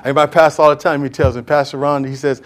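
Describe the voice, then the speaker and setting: A man preaching a sermon as pastor, impassioned and talking straight to the congregation, swinging from loud calls to hushed whispers. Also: fairly high pitch, level tone, quick pace. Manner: addresses congregation directly, acts out quoted voices.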